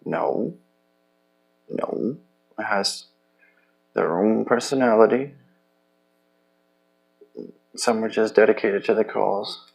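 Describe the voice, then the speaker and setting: A man talking in a loose, rambling personal monologue, profane and halting, with many restarts. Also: lowish voice, vocal fry, darkish tone. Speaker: vlogger.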